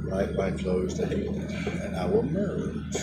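A man's voice: sits low, big pitch swings, takes it slowly. Playful, bickering man in a car. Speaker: vlogger. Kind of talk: casual chat. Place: inside a car in traffic. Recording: road noise inside a car.

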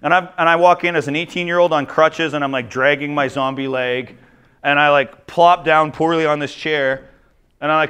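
A man from Ontario, a teacher telling jokey, animated stories in a conference talk. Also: a little high, normal speed, clear, resonant tone. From Ontario, Canada. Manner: animated, jokey, acts out quoted voices. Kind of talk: humorous storytelling presentation.

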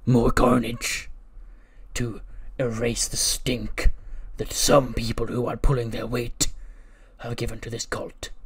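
A man voicing a menacing male cult-leader wrestler villain who growls out slow, loud threats. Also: mid-range voice, breathy edge, full character voice.

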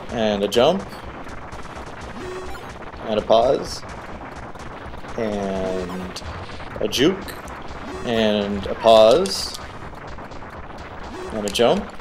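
A man giving casual, excitable commentary while playing a video game, cheering on the character and guessing at the boss's moves. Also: lowish voice, background noise. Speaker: let's play host.

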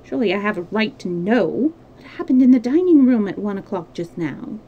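A woman's voice: medium pitch, lively intonation, fairly quick, phone-quality sound, slight background noise, lightly acted. A woman reading the lines of a desperate young noblewoman in an urgent, pleading voice.

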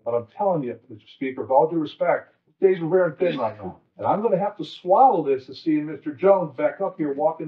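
A man's voice: a little high, animated, quick pace, few pauses, distant mic. Angry man in a tinny leaked recording. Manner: fiery, emphatic, rising to anger. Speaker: state legislator. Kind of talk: impassioned speech in closed meeting. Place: closed-door meeting room.

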